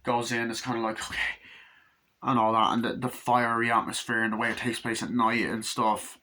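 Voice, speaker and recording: Man reviewer, bright forceful voice, rambling casual recap that leaps into shrill acted-out character lines. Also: little pitch movement, brisk. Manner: rambling, acts out scenes in jumpy high voices, lots of swearing. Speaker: movie reviewer.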